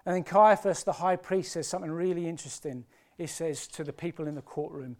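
A man preaching a sermon with passion, moving between hushed, emotional storytelling and loud, rising appeals. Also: fairly high pitch, steady tone, brisk. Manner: impassioned, swinging from hushed to loud.

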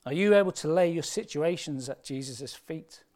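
A man preaching a sermon with passion, moving between hushed, emotional storytelling and loud, rising appeals. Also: on the high side, normal speed. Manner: impassioned, swinging from hushed to loud.

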